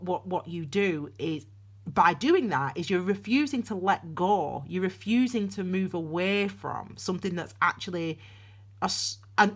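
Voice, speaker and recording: A young woman with a fairly low, husky voice does a casual tarot reading alone to camera. She's chatty and rambling, constantly cutting herself off and starting over.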